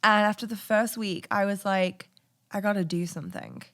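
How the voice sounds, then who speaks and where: A podcast host talks through her own story in a relaxed confessional monologue. She is blunt and candid, drops swear words freely, and laughs often between her thoughts. Her pitch sits in the middle for a woman. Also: normal speed.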